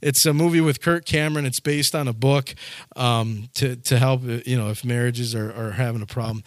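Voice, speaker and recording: A man preaching a sermon to his congregation, telling stories and acting out the scenes with sudden loud shouts. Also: mid-range voice, fairly even intonation, normal speed, no room sound. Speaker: pastor.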